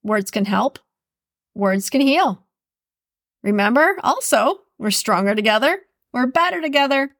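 A woman's voice: fairly high pitch, lively intonation, unhurried, long pauses, a bit bright, no room sound, studio quality. A woman hosting a podcast in a casual, chatty solo talk, often laughing as she speaks. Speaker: podcast host.

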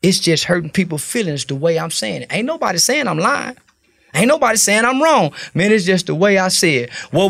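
Gravelly texas dude, preachy and cussing a lot, kinda high voice. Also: male voice, big pitch swings, brisk, a bit bright, no echo. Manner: blunt, profane, preacher-like storytelling. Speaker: podcast guest. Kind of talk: casual interview talk.

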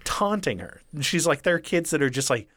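A man's voice: fairly high pitch, big pitch swings, fairly quick, a bit bright, dry recording, studio quality. Casual, profane male storyteller. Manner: casual and profane, acting out quoted lines. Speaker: podcast co-host retelling a true story.

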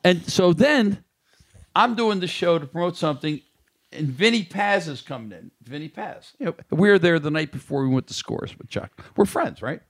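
A man in loose, casual conversation whose voice is gravelly and husky. He tells stories with a lively, swinging pitch and acts out the lines of the people in them, with people chattering in the background. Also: moderate pace. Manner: animated, acts out quoted lines. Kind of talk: casual storytelling chat.

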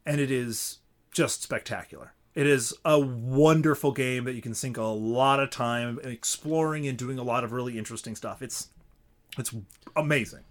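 Eager, argumentative podcast guy. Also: medium pitch. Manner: enthusiastic, quick to argue a point. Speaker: podcast co-host. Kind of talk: casual chat.

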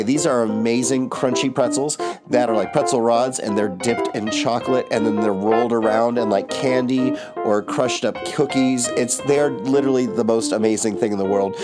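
A woman reading sponsor ads and patron thanks for a podcast intro in an upbeat, enthusiastic way. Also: rumbling low. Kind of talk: scripted podcast intro and ad read. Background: guitar music.

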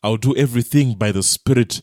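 Man, preacher, Bible teaching sermon, emphatic, sinks low and quiet on key lines, mid-pitched voice, dry close recording. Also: a little fast, no echo. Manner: emphatic, drops low and soft on key phrases.

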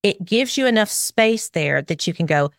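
A middle-aged woman giving parenting advice in an interview, animated and acting out what parents and kids say. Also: medium pitch, moderate pace, creaky, dry recording, studio quality. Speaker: parenting expert guest. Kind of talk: podcast interview.

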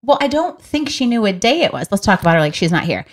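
A woman's voice: medium pitch, sing-song, quick pace. A woman co-hosting a podcast in casual chat, laughing often as she talks. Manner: giggly, laughs often while talking. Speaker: podcast co-host.

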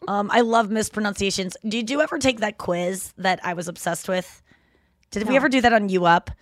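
A woman, co-hosting a podcast in casual, animated, rambling chat with frequent laughs. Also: mid-range voice, a little fast, no echo, studio quality. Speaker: podcast co-host.

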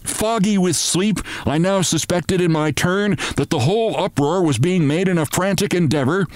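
A man, the host of the show, reading a comic story aloud in a lively, theatrical manner, recorded in a studio. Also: sits high, normal speed, no echo.

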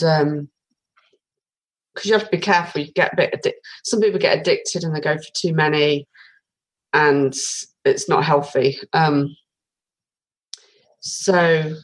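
A woman from Britain in her forties tells a long story as a podcast guest, full of ums and restarts. Her voice sits a little low. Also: low-quality recording. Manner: chatty storytelling with many fillers. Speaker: guest, tarot reader. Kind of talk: casual podcast interview.

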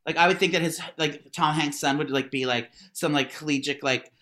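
Bright-voiced chatty man. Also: a little high, fairly quick. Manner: animated, stammering, swearing, many fillers. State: congested, has to blow his nose. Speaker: podcast co-host. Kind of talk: casual gossip chat.

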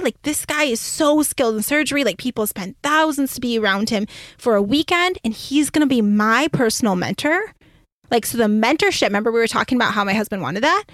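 A young woman career coach telling a story in a chatty, excitable way, full of "like". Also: mid-range voice, no room sound, studio quality. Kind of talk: casual storytelling monologue.

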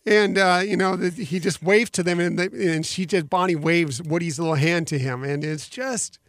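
A man's voice: on the high side, moderate pace, fairly bright tone, dry recording, studio quality. A man co-hosting a casual movie chat, heartfelt and rambling with restarts, getting teary. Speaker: podcast co-host.

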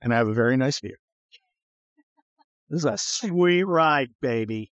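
A middle-aged man hosting a podcast, telling stories in a profane, animated way and acting out the people he quotes. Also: medium pitch, normal speed, dry recording. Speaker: podcast host. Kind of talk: casual storytelling chat. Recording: slightly dull, dry studio sound.

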